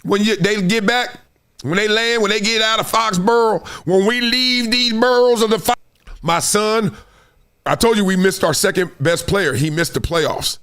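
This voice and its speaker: A man hosting a casual sports commentary show, animated and slangy, speaking straight to his viewers and slipping into sing-song bits. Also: high-pitched, normal speed, clear, resonant tone.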